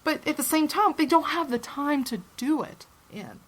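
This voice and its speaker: A woman co-hosting a casual podcast, talking in a heated, profane, opinionated way and swinging her pitch up to stress points. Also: expressive, moderate pace. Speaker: podcast co-host.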